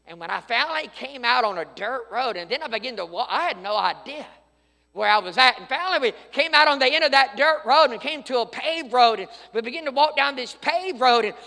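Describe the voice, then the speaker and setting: A middle-aged man delivers a fervent sermon in a church sanctuary. His voice sits very high and rings bright and forceful. The hall gives it a long, trailing reverb. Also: animated, brisk, gravelly. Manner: fervent preaching, swings from loud to hushed. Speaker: preacher.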